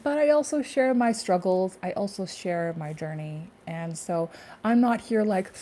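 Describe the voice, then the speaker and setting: A woman's voice: medium pitch, lively intonation, measured pace, a little mellow. A woman talking casually in a spiritual vlog, rambling with many fillers and laughing to herself. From Canada. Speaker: spiritual YouTuber.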